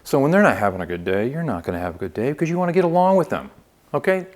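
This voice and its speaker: Rapid-fire and mid-range in pitch, a man runs a phone sales training lesson. He coaches with upbeat energy and lively inflection, regularly pausing to ask "okay?"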